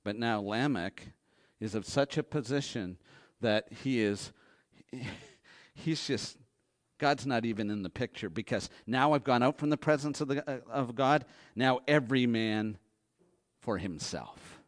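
A man preaching a sermon with real animation. He acts out Bible characters in high, excited voices, then drops to a low hush to drive a point home. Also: a little slow. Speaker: pastor.

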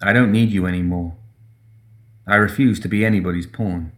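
A man's voice: low voice, fairly even intonation, brisk, lightly acted. A man voicing an anguished, defiant young woman cursed by a demon, in a storybook reading. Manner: desperate and defiant.

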